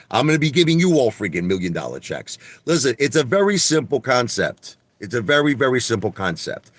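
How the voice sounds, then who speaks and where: A man rants on a home live stream, his pitch swinging up and down as he hammers each point. He repeats himself and drops mild curses. The sound is dry, with little room echo. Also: big pitch swings, a little fast, few pauses. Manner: emphatic, repetitive, swears mildly. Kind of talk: casual live stream rant. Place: indoors at home.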